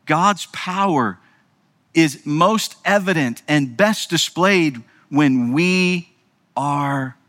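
A male pastor delivers an emphatic sermon in a bright, slightly higher voice. He talks slowly and deliberately, with a very lively rise and fall, addressing his listeners directly.

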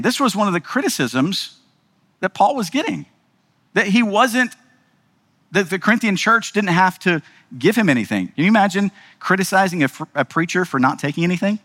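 A man's voice: sits high, sharp tone, big-room sound. A man preaching a sermon in a conversational way, asking rhetorical questions and checking in with his listeners. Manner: conversational, asks rhetorical questions with frequent "right?". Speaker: pastor.

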